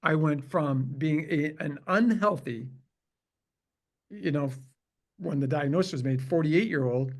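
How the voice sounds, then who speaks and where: Gravelly-voiced man in his seventies telling a story. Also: on the high side, unhurried, long pauses. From Canada. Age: 70s. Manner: animated storyteller, acts out quoted dialogue. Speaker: interview guest. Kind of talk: storytelling in a casual interview.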